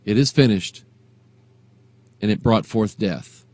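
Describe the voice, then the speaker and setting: A man preaching a sermon as pastor, moving between quiet reflection and rising, emphatic delivery. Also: on the low side, takes it slowly, no room sound.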